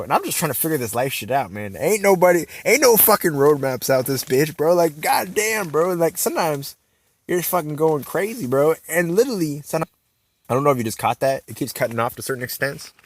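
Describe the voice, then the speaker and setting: A young man telling a rambling, profane story in a vlog, full of slang and fillers. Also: medium pitch. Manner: rambling, profane, filler-heavy slang, says "bro" constantly. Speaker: vlogger.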